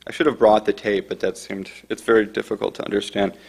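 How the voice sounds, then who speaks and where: A man's voice: lowish voice, level tone, quick pace, vocal fry, a little mellow, a little hiss or hum. A middle-aged man speaking informally about his book, conversational and digressive, now and then acting out the people in his stories. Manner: conversational, digressive, acts out quoted voices. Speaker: author giving a talk.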